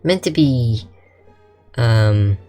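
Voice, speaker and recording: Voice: medium pitch, animated, extremely slow, warm tone, soft background music. Rambling casual gameplay commentator. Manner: rambling, many fillers and restarts. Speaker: game creator.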